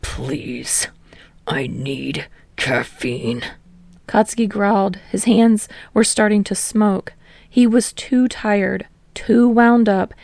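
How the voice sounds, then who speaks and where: A woman reading fan fiction aloud in steady storytelling narration. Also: medium pitch, creaky, dry recording. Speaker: podfic reader.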